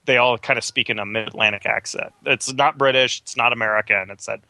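A man co-hosting a casual film podcast, chatty and quick to laugh. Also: mid-range voice, fairly even intonation, creaky, pushed and bright, no echo. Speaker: podcast co-host.

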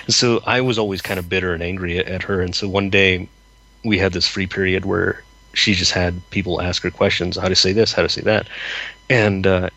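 Man, gravelly, husky, bright tone, casual podcast storytelling, animated. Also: low voice, brisk, no echo, rough recording. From United States, Mexican parents. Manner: animated, laughing, acts out voices in anecdotes. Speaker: podcast co-host.

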